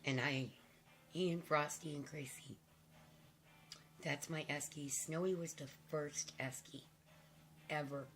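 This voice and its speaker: An older woman with a low, hoarse voice that has almost given out, rasping through a slow, meandering vlog at home. She talks to camera casually and from the heart, with hesitant ums as she goes, and a faint hiss sits under her. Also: fairly even intonation, fairly bright tone. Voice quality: raspy. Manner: rambling and heartfelt, with hesitant fillers. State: hoarse, nearly lost voice. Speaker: vlogger.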